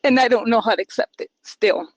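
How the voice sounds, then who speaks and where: A woman's voice: on the high side, a little fast, no room sound, highs cut off. A woman co-hosting a casual podcast, talking openly about her feelings and acting out what others say. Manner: open, emotional, acts out quoted voices. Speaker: podcast co-host.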